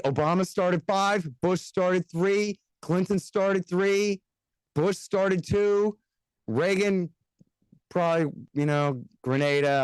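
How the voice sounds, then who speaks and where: A man from the United States, a guest on a casual podcast interview, talking bluntly and sarcastically, with fast rants and mocking quoted voices. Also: on the high side, a little mellow, no room sound. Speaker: guest, antiwar radio host and author.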